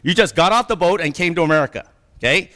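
A man's voice: on the high side, lively intonation, fast, a bit bright. A middle-aged man giving an anecdotal lecture-style talk, often checking in with "okay?" and "right?" and laughing through his stories. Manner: laughs while telling stories. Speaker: presenter. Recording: reverberant hall sound.

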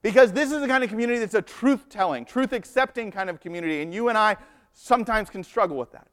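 A man's voice: high-pitched, quick pace, fairly bright tone. A man, likely in his thirties, preaching a Sunday sermon and telling stories with humor and shifting emphasis. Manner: storytelling with humor and varied emphasis. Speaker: pastor.

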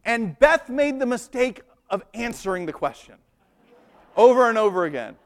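A man's voice: very high-pitched, big pitch swings, normal speed. A man, likely in his thirties, preaching a Sunday sermon and telling stories with humor and shifting emphasis. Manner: storytelling with humor and varied emphasis. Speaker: pastor.

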